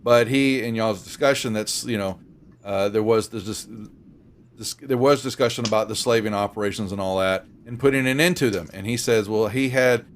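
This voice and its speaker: A man's voice: lowish voice, normal speed, slight background noise. A man narrating as game master, rambling with many fillers and restarts.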